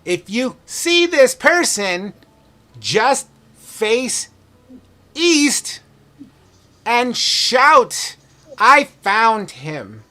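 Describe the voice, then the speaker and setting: A man voicing a decrepit, hunched old miser who talks in slow, drawn-out sing-song. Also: extremely high pitch, big pitch swings, sharp tone, pitched above the performer's own voice, exaggerated voice. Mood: wheedling.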